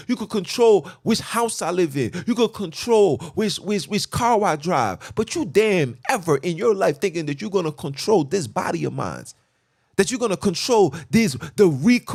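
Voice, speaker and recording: A man's voice: sits high, sing-song, normal speed, creaky, a little mellow, slightly rough, no echo, studio quality. An agitated man ranting fervently from a car, preachy and repetitive as he hammers his points. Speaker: podcast host. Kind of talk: impassioned rant.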